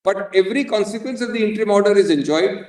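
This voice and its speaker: A male advocate with an Indian English accent makes a formal argument to the bench, slow and emphatic, leaning on key words. His voice sits a little high for a man. It is picked up from a distance in a roomy courtroom. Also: darkish tone. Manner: deliberate and emphatic, repeats key words for stress. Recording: roomy courtroom audio, mic far off.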